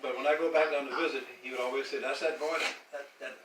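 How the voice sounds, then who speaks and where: A man's voice: medium pitch, steady tone, quick pace, noisy background. An older man from the American South telling a family story casually, rambling and repeating words, often laughing as he talks. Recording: echoey room, distant mic, loud music behind.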